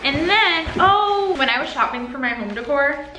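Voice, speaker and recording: A woman's voice: high voice, animated, moderate pace, bright, forceful tone, slight background noise. A young woman chatting casually to camera at home for her vlog, filling her talk with lots of "like". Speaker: lifestyle vlogger. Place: home, apartment. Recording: echoey room.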